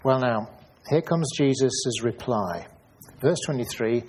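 A man's voice: medium pitch, moderate pace, darkish tone, husky. A man preaching a Bible study sermon, thinking aloud and asking questions, often repeating his words.

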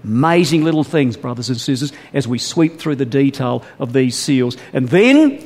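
A man preaching a sermon, calling his listeners brothers and sisters, stretching key words slowly and then rushing ahead with emphasis. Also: mid-range voice, expressive, darkish tone. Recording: long hall reverb.

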